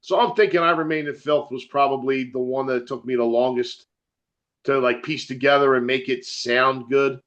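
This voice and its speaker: A man's voice: medium pitch, fairly even intonation, normal speed, a bit bright, muffled recording. A man with a New Jersey accent, a metal musician chatting as an interview guest, rambling, swearing freely and laughing often. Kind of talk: casual chat.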